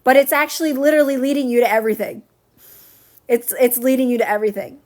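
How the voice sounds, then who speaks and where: A woman's voice: high-pitched, quick pace, a little mellow. A woman coaching viewers on a livestream, chatting casually, answering comments and repeating her phrases to reassure. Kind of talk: casual live-stream chat answering comments.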